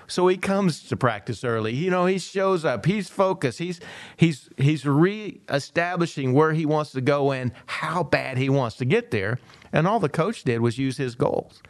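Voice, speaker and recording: A man co-hosting a panel talk, telling a long story and acting out the people in it with lively quoted voices. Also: on the high side, a little slow, no echo. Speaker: podcast co-host.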